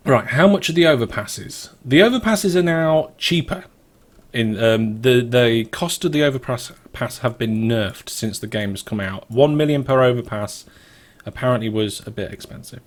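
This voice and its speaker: A man's voice: mid-range voice, lively intonation, moderate pace. A British man hosting a let's play, giving casual gameplay commentary as he thinks aloud in a wandering, chatty way.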